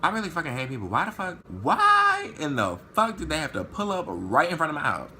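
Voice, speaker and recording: A man telling a story in a vlog, animated and profane, acting out what people said. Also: a little high, brisk, a little hiss or hum. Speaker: vlogger.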